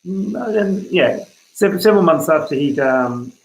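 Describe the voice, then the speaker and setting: A man playing a tabletop game, halting and filler-heavy as he works out his ideas. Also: a little high, lively intonation, darkish tone, roomy sound, low-quality recording. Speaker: player.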